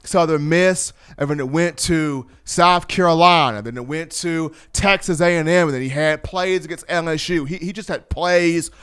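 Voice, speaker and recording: High, smooth-voiced man hosting sports talk. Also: normal speed, hardly any pauses. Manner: animated, playful storytelling. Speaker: sports show host. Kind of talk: energetic sports talk commentary.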